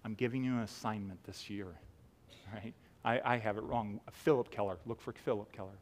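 A man preaching a sermon to a church congregation, swinging from loud pleading cries to quiet, earnest talk. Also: fairly low pitch, fairly even intonation, brisk. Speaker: pastor. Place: church sanctuary.

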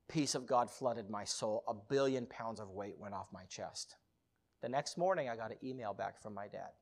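A man preaching, telling a personal story in a dramatic sermon style, with loud bursts and hushed passages. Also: fairly low pitch, normal speed.

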